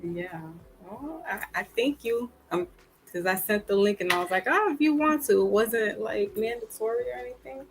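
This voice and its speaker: A woman's voice: a little high, lively intonation, normal speed, a crowd in the background, low-quality recording. A woman hosting a casual live chat, with a New York accent and a laid-back, trailing way of talking. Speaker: host.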